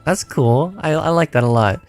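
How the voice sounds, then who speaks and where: A man streaming a video game chats casually at a fairly high pitch and normal speed, with soft music in the background. He rambles, repeats himself, stammers and laughs a lot, sounding tired as his voice gives out.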